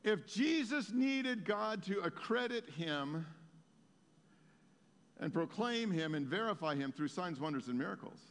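Male pastor, slightly high voice, conversational storytelling sermon in a reverberant hall. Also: animated, measured pace, fairly bright tone. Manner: storytelling, conversational with many fillers and restarts.

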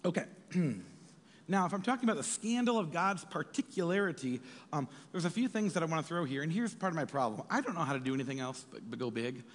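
A man preaching a sermon as pastor, animated and jokey, slipping into quick acted asides. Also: a little high. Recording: reverberant hall.

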